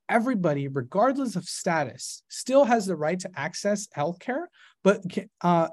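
A man's voice: high voice, a little mellow. A man from Arizona, a campaign director teaching a class in an earnest, impassioned way, often calling his listeners his friends. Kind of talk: earnest advocacy lecture.

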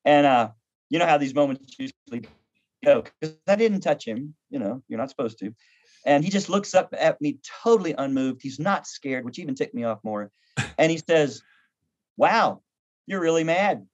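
A man's voice: a little high, normal speed. Man in his fifties, pastor and counselor, humorous storyteller, slightly dull lo-fi sound. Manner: humorous, animated, acts out quoted voices. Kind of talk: conversational storytelling on a podcast. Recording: dull lo-fi audio.

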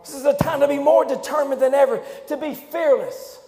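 A man from preaching with a drawl, his voice pushed unusually high and rough with gravel. He swings between hollering and near-whispers. The sound is an echoey church hall, with a faint congregation behind him. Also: fairly quick. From Louisiana, USA. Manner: fiery preaching, swinging from shouts to low hushed tones. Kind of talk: revival sermon. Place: church sanctuary.

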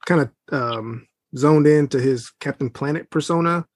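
A man's voice: on the high side, normal speed, no echo, studio quality. A man co-hosting a casual movie podcast, speaking hesitantly, trailing off and chuckling. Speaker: podcast co-host. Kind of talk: casual movie review chat.

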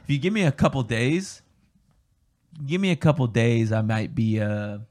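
A young man co-hosting a casual podcast chat, joking and swearing, getting excitable. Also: mid-range voice, moderate pace. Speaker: podcast co-host.

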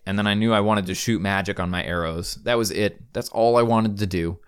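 A man with a fairly low voice, talking through a casual podcast monologue. He is chatty and upbeat, drops in casual slang, and fills gaps with ums as he gives game advice. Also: normal speed, clear, resonant tone. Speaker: podcast host and game master.

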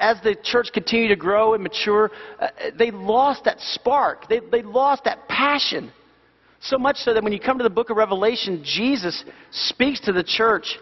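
Man, pastor, sermon, fairly high voice, long church reverb, dull sound. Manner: animated, repeats key phrases for emphasis. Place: church sanctuary.

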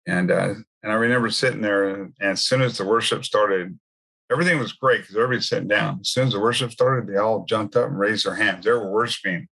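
A man's voice: fairly low pitch, fast talker, creaky, bright, forceful tone, breathy edge. A man giving a personal faith testimony in a conversational storytelling way, full of asides. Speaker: speaker sharing his testimony.

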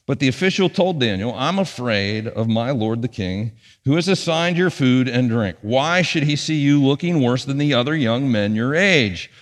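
A man preaching a sermon as pastor, with punchy emphasis that drops to quiet asides. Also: mid-range voice, animated, normal speed, hardly any pauses, in a large hall. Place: church sanctuary.

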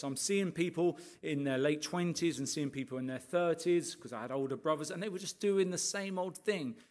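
A fairly high-voiced pastor tells his life story from the pulpit, animated and conversational. He keeps checking in with his listeners with little asides and climbs into impassioned, louder rants. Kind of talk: sermon testimony.

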